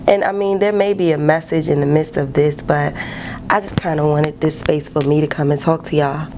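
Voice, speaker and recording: A woman's voice: deep voice, steady tone, normal speed, noisy background. A woman, chatting candidly and emotionally to her viewers while doing her makeup in her living room. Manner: candid, emotional, talks straight to viewers as "y'all". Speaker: beauty vlogger. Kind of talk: casual get-ready-with-me chat. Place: living room by a bright balcony window.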